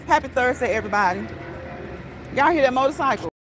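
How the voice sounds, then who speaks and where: High-voiced woman chatting on a walk. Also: animated, normal speed. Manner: playful, chatty, laughs often, talks to chat directly. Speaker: livestream host. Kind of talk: casual livestream chat while walking. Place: outdoors on a city street. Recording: outdoor street noise with traffic.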